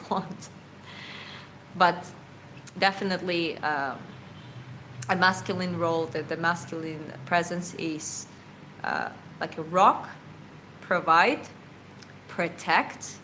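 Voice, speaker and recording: A woman's voice: on the low side, pushed and bright, slight background noise, rough recording. A woman boxer answering viewer questions in a casual livestream Q&A. She talks in an earnest, reflective way, rambles, corrects herself and laughs often.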